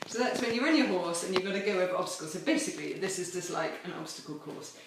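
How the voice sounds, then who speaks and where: In a home video children's lesson, a woman with a lowish, lively voice talks fast while leading a chapel assembly from her house and garden course, inside and outdoors. She walks through games step by step, cheerful and playful. The camera mic, held by a helper at a distance, gives an echoey, faintly noisy sound.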